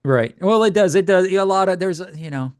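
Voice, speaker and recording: Halting male podcast co-host, higher voice. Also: smooth, no room sound, studio quality. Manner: halting, restarting mid-thought. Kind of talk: casual chat.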